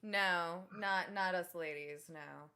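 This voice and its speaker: A woman playing a tabletop game, animated and giggly, describing her character's actions. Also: on the low side. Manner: animated and giggly, slow drawn-out delivery. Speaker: player. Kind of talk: tabletop game play, casual chat.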